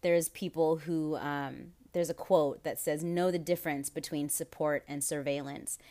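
A woman's voice: deep voice, steady tone, unhurried, mellow. Frank, profane woman podcaster. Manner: frank and profane, laughs often, rambling asides. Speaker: podcast host. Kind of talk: casual podcast monologue.

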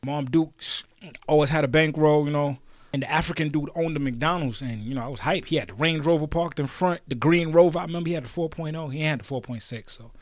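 A man's voice: on the high side, fast talker, dry recording, studio quality. Rambling Brooklyn man reminiscing. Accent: New York, Brooklyn. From New York City. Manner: rambling, profane, animated slang. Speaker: podcast host. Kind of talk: casual storytelling monologue.

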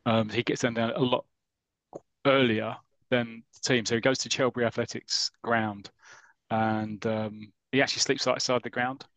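With a medium-pitched, slightly bright voice that barely moves in pitch, this UK podcast host chats casually at a moderate pace, with no echo. He rambles enthusiastically through an old comic story, voicing the characters' lines.

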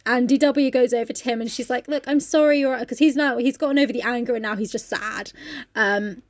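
A woman's voice: on the high side, steady tone, a little fast, no room sound, clean studio sound. A woman co-hosting a casual book podcast, swearing freely and acting out the characters' lines as she retells the plot. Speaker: podcast co-host. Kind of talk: casual book-club chat.

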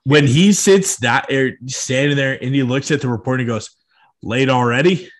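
A man co-hosting a casual sports podcast, relaxed and opinionated, with many "like" and "I mean" fillers. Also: medium pitch, a little fast.

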